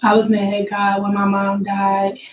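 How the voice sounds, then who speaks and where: A woman's voice: mid-range voice, completely flat delivery, moderate pace, reverberant, distant mic, a little hiss or hum, rough recording. A woman hairstylist talking bluntly and candidly to her viewers from her salon. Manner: outspoken, blunt storytelling. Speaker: hairstylist vlogger. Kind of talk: candid vlog chat. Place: hair salon room.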